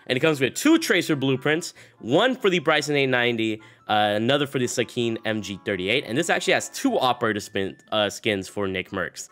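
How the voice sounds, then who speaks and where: A young man narrates a gaming video in a casual, upbeat way despite a sick voice. He rambles a little, with frequent fillers and restarts. His pitch sits in the middle range for a man. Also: expressive, fairly quick, hardly any pauses, a bit bright. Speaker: gaming YouTuber.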